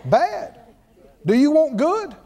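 A man's voice: very high voice, sing-song, slow pace, dark tone, big-room sound. A man preaching a sermon, drawing call-and-response from the congregation with emphatic, repeated lines.

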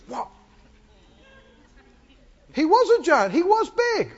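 A male preacher with a high, very lively voice, delivering a sermon in dramatic swings between shouting and near-hushed tones. He speaks slowly, and the recording sounds dull and lo-fi.

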